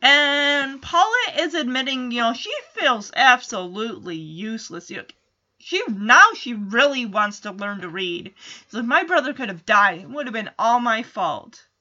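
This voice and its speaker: A woman with a high, sharp, bright voice gives a chatty, animated recap of a TV episode. She acts out snippets of dialogue as she goes. The recording sounds dull and lo-fi. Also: normal speed. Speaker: show recapper.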